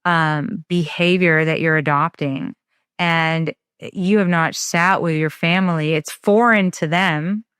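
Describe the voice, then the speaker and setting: Low-voiced woman, thoughtful podcast host. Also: fairly even intonation, fairly bright tone, clear, resonant tone, no room sound, studio quality. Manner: thoughtful, measured, lots of small pauses. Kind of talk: casual conversational podcast.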